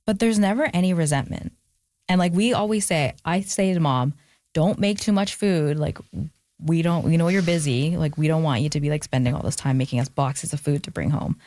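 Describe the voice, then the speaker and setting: In a casual interview conversation, a young adult woman guest speaks briskly in a low, mellow voice with no echo around it. Thoughtful and reflective, she leans on many fillers and at times grows emotional.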